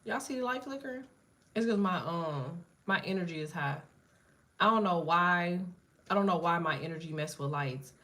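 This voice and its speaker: A woman's voice: lowish voice, expressive, normal speed, a bit bright. A woman doing a casual live tarot reading, blunt and profane, chatting to viewers and jumping between cards and asides. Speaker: tarot reader.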